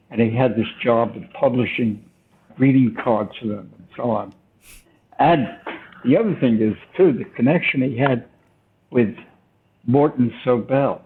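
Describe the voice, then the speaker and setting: Older male interview guest, gravelly voice, thoughtful and halting, heard over a thin phone-like line. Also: mid-range voice. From United States. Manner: thoughtful, hesitant, with restarts. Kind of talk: reflective storytelling. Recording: tinny phone-line sound.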